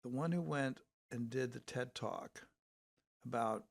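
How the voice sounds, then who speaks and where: Male host, mid-pitched gravelly voice, halting questions. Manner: halting, restarts his questions. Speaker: podcast host. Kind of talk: interview questions.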